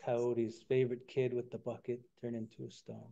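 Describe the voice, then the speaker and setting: A man retelling a traditional story during a lecture, relaxed and conversational, acting out the characters. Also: medium pitch, normal speed, gravelly, dull audio. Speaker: guest speaker.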